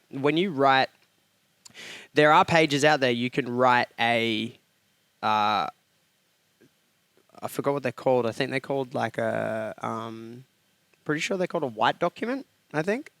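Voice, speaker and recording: A man's voice: medium pitch, a little slow, long pauses, fairly bright tone, no echo. A man who is a fitness trainer and nutritionist, explaining things in a rambling, casual way on a podcast. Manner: rambling, explanatory, with many fillers.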